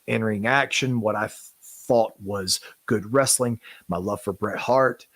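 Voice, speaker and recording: Brief: man, lower voice, a bit husky, dry close sound, earnest and halting podcast apology. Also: fairly bright tone, dry recording. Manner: earnest, halting, with many restarts. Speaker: podcast co-host. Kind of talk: emotional podcast statement.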